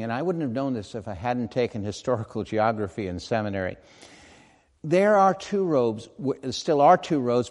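A man's voice: medium pitch, a little mellow. A man preaching a sermon in an earnest, conversational way, with asides and self-corrections. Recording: long hall reverb.

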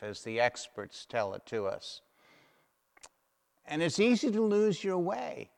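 Middle-aged male preacher, fairly high voice, slow deliberate sermon delivery with repeated lines, long hall reverb. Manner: emphatic, repeats key phrases.

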